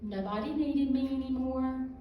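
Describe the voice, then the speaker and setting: A middle-aged woman giving a halting, emotional personal testimony as a guest speaker at a church youth service. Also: high-pitched, dull audio, slight background noise. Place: church hall. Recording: echoey room heard from a distance.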